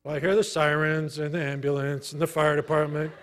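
A middle-aged man preaching a sermon, telling a personal story in a conversational way with many pauses. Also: on the high side, flat delivery. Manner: storytelling, conversational, pausing often. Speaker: pastor.

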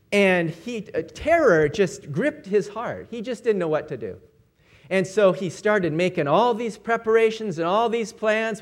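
Animated, high-voiced male preacher. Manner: animated storytelling, acting out quoted lines. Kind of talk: sermon.

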